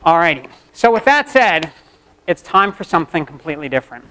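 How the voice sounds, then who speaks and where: A man's voice: fairly high pitch, big pitch swings, brisk, bright, forceful tone, low-quality recording. A man giving a university classroom lecture, mixing explanations with playful jokes and asides. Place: lecture hall.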